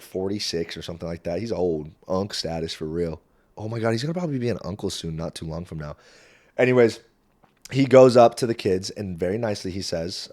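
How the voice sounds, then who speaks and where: A young man hosting a podcast, telling a story in a casual, animated way and swearing freely. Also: lowish voice. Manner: animated, swearing, jumps into quoted voices. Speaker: podcast host. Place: small warm room indoors. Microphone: camera mic, solo recording.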